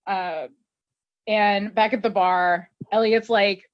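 A woman's voice: medium pitch, steady tone, measured pace, dry recording. Woman podcast host, casual recap, dull dry recording. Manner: chatty, filler-heavy, laughs often.

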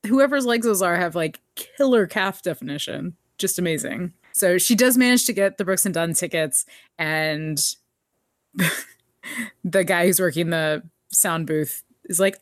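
A woman's voice: on the low side, measured pace, dry recording, studio quality. A woman co-hosting a podcast, recapping a TV episode in casual chat, laughing often and quoting characters. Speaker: podcast co-host.

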